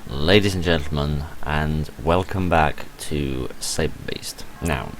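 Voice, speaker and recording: A man's voice: a bass voice, a little hiss or hum. A man who says he is tired and half asleep, hosting his gaming video in a rambling, chatty commentary full of self-mocking asides. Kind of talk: casual gameplay commentary.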